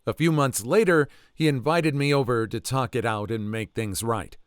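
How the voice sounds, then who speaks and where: A man narrating online stories aloud in an expressive way, adding his own comments between them. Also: mid-range voice, moderate pace, smooth, dry recording, clean studio sound. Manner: lively, expressive storytelling.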